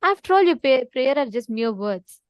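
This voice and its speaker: A woman putting on a scornful heckler in a spoken parable, a sceptical man from the crowd who snaps back in anger when he is challenged. The voice stays high, and the sound is dry and close. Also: very animated, moderate pace, smooth, dry recording. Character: skeptical angry man in a crowd.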